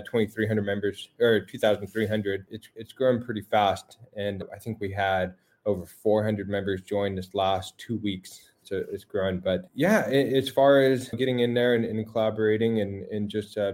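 A man, a mental health coach, chatting casually as a guest on a video call, relaxed and repeating words as he gets going. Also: on the low side. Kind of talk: casual interview chat.

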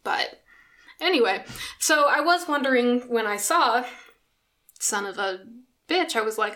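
Play a chatty young woman podcaster, laughing easily, voice a touch high. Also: animated, a bit bright. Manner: chatty, giggly, quick asides. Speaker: podcast co-host. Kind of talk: casual chat.

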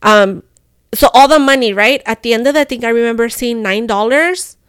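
A young woman, telling a story on a podcast in an animated, profane way and slipping into phrases. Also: fairly high pitch, normal speed, clean tone, no echo, studio quality. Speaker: podcast co-host. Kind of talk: casual storytelling chat.

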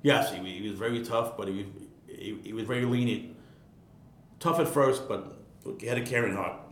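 A man around sixty from Queens, telling stories casually as an interview guest, rambling and repeating words. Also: moderate pace. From Queens, New York. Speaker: guest, retired ironworker. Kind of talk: casual storytelling. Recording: echoey room, faint rumble.

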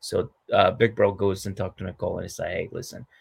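A man's voice: sits low, flat delivery, fast talker, creaky, husky. A man co-hosting a podcast, retelling a reality show scene in casual chat and acting out each character with lots of swearing and laughter. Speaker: podcast co-host.

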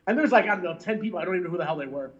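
Musician guest, male, high voice, laughs and swears through his stories, dull lo-fi line. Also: racing. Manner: animated, laughing, swearing, lots of "like" and "you know". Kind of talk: storytelling in a casual interview. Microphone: remote call mic.

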